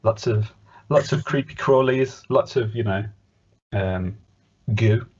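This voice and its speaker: A podcast co-host with a lowish, slightly mellow and husky voice speaks slowly while casually reviewing a cartoon. He rambles and hesitates, filling his talk with fillers. The podcast audio is dull and lo-fi.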